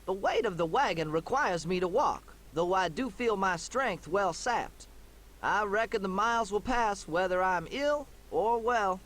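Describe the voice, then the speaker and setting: A man's voice: sits high, expressive, a little slow, a bit bright. A man voicing an ailing, tired pioneer in a computer game who keeps walking despite his illness. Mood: weary. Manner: tired, folksy. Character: ailing male pioneer, weary and uncomplaining.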